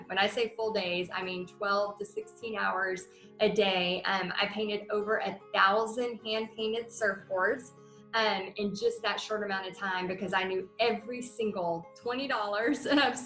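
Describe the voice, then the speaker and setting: A woman in her thirties telling a personal business story in a chatty, animated way, with many fillers. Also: medium pitch. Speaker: paint party business coach. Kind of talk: casual storytelling monologue. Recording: roomy echo with faint music.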